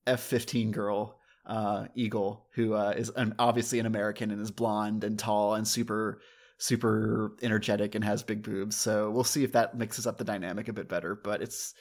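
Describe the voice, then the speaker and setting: A man's voice: lowish voice, flat delivery, normal speed. A man co-hosting a casual chat, rambling through a review with lots of fillers and self-mocking asides. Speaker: podcast co-host reviewing anime.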